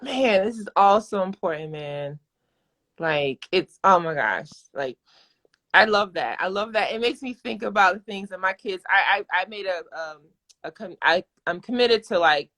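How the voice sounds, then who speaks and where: A woman's voice: mid-range voice, normal speed, fairly bright tone. A woman in her thirties hosting a live video chat, talking candidly and effusively, often restarting her sentences. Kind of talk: casual live-stream conversation. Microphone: phone or webcam on a live video call.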